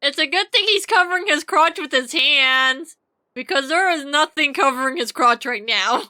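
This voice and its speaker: A woman streaming a game with casual, sarcastic, excitable commentary and frequent swearing. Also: sits high, normal speed, dry recording.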